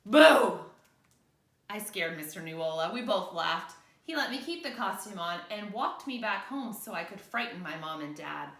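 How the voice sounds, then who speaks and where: A woman teacher reads a picture book aloud to children with a lively, swooping delivery. Her voice is bright and fairly high. She plays with her listeners as she goes, and the room gives a roomy echo. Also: moderate pace, few pauses. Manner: playful, checks in with listeners.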